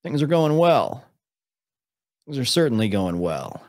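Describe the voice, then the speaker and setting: A man's voice: mid-range voice, sing-song, unhurried, darkish tone. A young man hosting a live stream, reacting to videos with dry, sarcastic remarks and reading out chat. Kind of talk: casual live-stream commentary.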